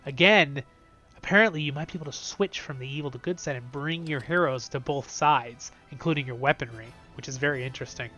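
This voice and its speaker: A young man hosting a casual gameplay video, chatty and excitable, swinging between loud bursts and quiet asides. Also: mid-range voice, a little fast, dull audio, faint music behind. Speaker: game video host.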